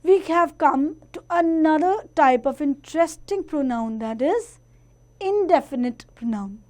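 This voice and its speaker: A woman teaching a grammar lesson to children, explaining each point slowly and carefully. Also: sits high, lively intonation, a little mellow.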